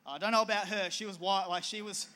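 A man's voice: high voice, fairly even intonation, quick pace, pushed and bright. A middle-aged man, preaching a sermon with a conversational, storytelling manner. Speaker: pastor.

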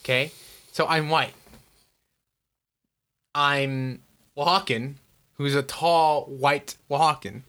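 A young man co-hosting a podcast, chatting casually and getting animated as he shows people things. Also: slow, pauses often, smooth. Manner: animated, jumps in pitch when excited. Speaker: podcast co-host. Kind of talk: casual chat.

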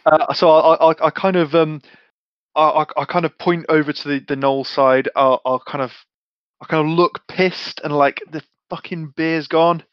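A man's voice: on the high side, steady tone, moderate pace, smooth, no echo, dull audio. A man playing a tabletop game, chatting casually and often stammering and repeating words. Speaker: player. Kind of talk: casual game play chat.

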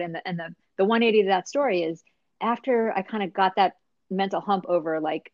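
Woman, casual talker. Chatty, animated storyteller with a lowish voice. Dry, slightly dull recording. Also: fast talker, dry recording. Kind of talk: casual chat.

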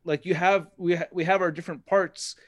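A man in his thirties, a guest on a casual podcast, telling rambling, excitable stories with many restarts. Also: high-pitched, fairly quick, no echo, lo-fi sound. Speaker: podcast guest, toy collector. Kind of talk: casual chat.

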